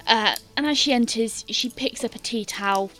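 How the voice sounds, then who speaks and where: A woman's voice: fairly high pitch, moderate pace, sharp tone, soft background music. A woman game master narrating a tabletop scene in detail, with many fillers and hesitant restarts.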